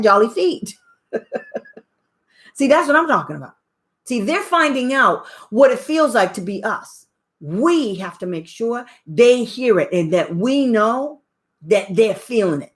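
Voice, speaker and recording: A woman's voice: a little high, fairly bright tone. An older woman hosting her channel, talking casually from home in an emphatic, preachy way and laughing often. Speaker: channel host. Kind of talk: opinionated casual talk.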